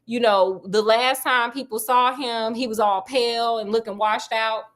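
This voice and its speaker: A woman's voice: fairly high pitch, fairly even intonation, normal speed, fairly bright tone, lightly acted. A woman voicing a persistent male detective who presses with repeated questions in casual slang. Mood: prodding.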